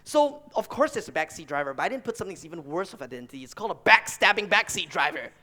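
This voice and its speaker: Animated man giving a bright stage talk. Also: high-pitched, rapid-fire. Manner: animated storyteller who acts out family members and colleagues. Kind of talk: stage talk with acted anecdotes.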